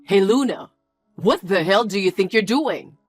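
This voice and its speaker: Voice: mid-range voice, expressive, measured pace, soft background music. A blunt, defensive young fiancé, voiced in a story. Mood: angry. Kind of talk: scripted story dialogue.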